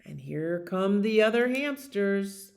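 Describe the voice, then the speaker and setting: A woman librarian reading a bedtime story aloud to children, gentle and expressive, with chatty asides. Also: medium pitch, slow pace, creaky.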